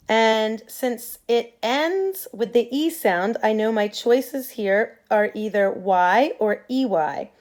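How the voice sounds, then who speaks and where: A woman teacher giving a patient phonics lesson to young students, modeling sounds clearly for them to repeat. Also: fairly high pitch, darkish tone.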